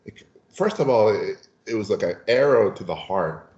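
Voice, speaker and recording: A man from Mexico, a podcast guest telling anecdotes in a lively, animated way and acting out the people in them. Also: lowish voice, moderate pace. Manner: lively storyteller who acts out voices. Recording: roomy, dull lo-fi sound.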